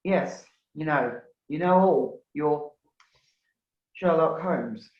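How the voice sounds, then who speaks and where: A woman's voice: low-pitched, takes it slowly. A woman playing a meek, devoted male sidekick in a live comedy sketch, talking hesitantly and eager to please. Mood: hurt. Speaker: sketch performer. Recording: echoey lo-fi live recording.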